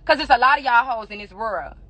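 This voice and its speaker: A woman's voice: fairly high pitch, sharp tone, no room sound. A young woman in an angry social media rant, defiant and profane, firing insults at her critics. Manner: rapid-fire insults directed at critics. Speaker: rapper addressing fans.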